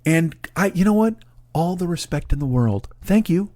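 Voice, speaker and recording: A man's voice: on the high side, moderate pace, no echo. Profane ranting man in his forties. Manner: profane, ranting, animated storytelling. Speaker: comedian podcast host. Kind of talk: casual comedic monologue.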